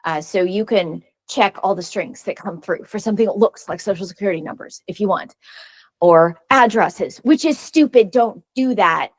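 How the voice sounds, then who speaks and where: A woman's voice: lowish voice, normal speed, no room sound. A woman giving a casual technical presentation at a user group meeting, chatty with frequent fillers and restarts. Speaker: conference speaker. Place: meeting room.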